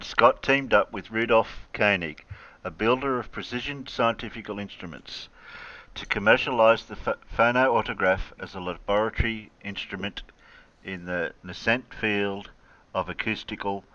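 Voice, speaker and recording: A man co-hosting a casual chat, reading a passage aloud in a steady way. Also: lowish voice, measured pace, no echo, dull audio.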